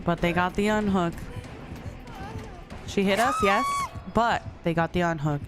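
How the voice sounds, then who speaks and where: Slow-talking chatty woman streamer. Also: fairly low pitch. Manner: chatty, thanks viewers, reads and answers chat. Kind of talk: casual live-stream chat while gaming. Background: faint music.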